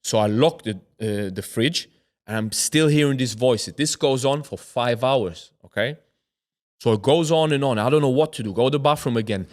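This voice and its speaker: A man from Germany tells a personal story in a sit-down interview with vivid, dramatic energy. He slips into other people's voices as he goes and sinks to a hush when the tension builds, with a pitch that sits in the middle range. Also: moderate pace. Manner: vivid retelling that acts out other people's voices, drops to a hush at tense moments. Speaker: interview guest, former footballer.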